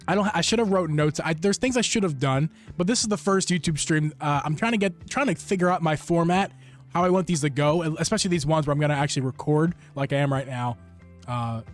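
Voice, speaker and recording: A man hosting a casual live stream about game accessories, rambling and interrupting himself, with enthusiastic shout-outs to viewers. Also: on the high side. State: hot and sweaty. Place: room at home. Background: background music.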